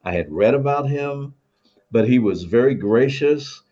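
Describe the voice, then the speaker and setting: A man's voice: mid-range voice, unhurried, lo-fi sound. A man, a former radio DJ, telling stories in a casual interview and acting out the voices of people he quotes. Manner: animated storyteller, acts out quoted voices.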